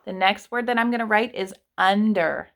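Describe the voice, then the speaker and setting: A woman teaching kindergartners online, patiently stretching words out sound by sound. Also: medium pitch. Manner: patient, speaks slowly to children. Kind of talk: online lesson for young children.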